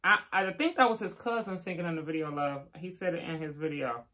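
Older lady, kinda low voice, chatty live stream shout-outs, teasing. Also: brisk. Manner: chatty, reads out names, teasing asides. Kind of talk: casual live-stream chat reading comments.

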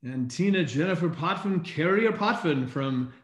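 A man co-hosts a live online recognition event over a video call, reading out names upbeat and often clearing his throat. His voice is a little high, expressive and moderately paced, with heavy background noise in an echoey room.

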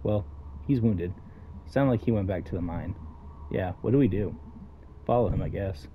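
A man's voice: deep voice, normal speed, narrow, tinny audio, background noise. A man playing through a story game, casually reading out every character's lines himself. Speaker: let's play gamer. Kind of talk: reading game dialogue aloud.

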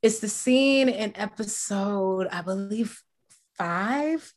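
A woman's voice: medium pitch, takes it slowly. A woman interviewed as an actress, talking casually and reflectively with frequent fillers. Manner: chatty, reflective, many fillers.

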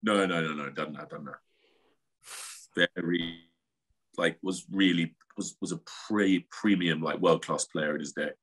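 A man with a very deep, husky voice reads a book passage aloud on a podcast. His reading is steady and measured, with the odd small stumble. He speaks into a studio microphone.

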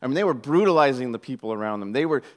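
Animated, joking male preacher. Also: medium pitch, racing. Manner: animated, jokey, conversational preaching. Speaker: pastor. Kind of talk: sermon.

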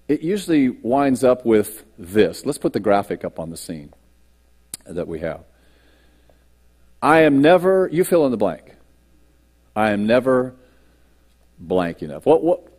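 A man's voice: mid-range voice, darkish tone, husky. A man pastor delivering a sermon at a church service, reading scripture and preaching with dramatic swings in his voice. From United States.

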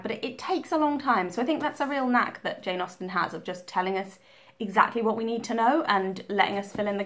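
A woman's voice: medium pitch, a bit bright. Chatty woman book vlogger. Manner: chatty, many ums and restarts. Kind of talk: casual reading update.

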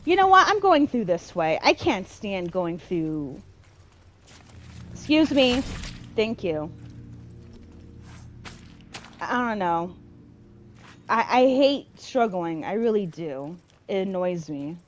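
Woman gameplay commentator, unhurried, expressive, quick to vent frustration. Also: lowish voice. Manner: expressive, easily exasperated, talks to herself. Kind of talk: casual let's-play commentary.

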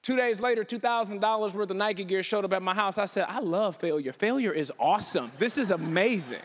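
Keynote speaker, male, very high voice, lively storyteller who acts out every exchange, slangy and relaxed. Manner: animated, acts out dialogue with quick voice changes; casual, slangy phrasing.

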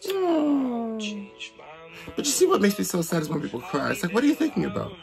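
A man hosting a reaction video, talking in a sassy, expressive way and exclaiming loudly at the clips. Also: sits high, very fast, creaky, over music. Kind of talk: casual reaction commentary.

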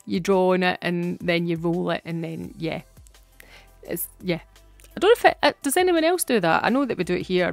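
A woman's voice: medium pitch, no echo. Scottish woman, chatty, giggly, dry close sound, faint music behind. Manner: chatty and giggly, laughs often. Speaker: nail art vlogger. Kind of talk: casual tutorial chat.

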